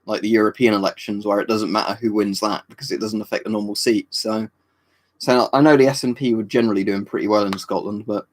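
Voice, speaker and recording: A man from the UK, hosting a livestream and answering viewers' questions in a rambling, casual way, full of fillers and tag questions. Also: lowish voice. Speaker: livestream host answering chat. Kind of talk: casual live chat.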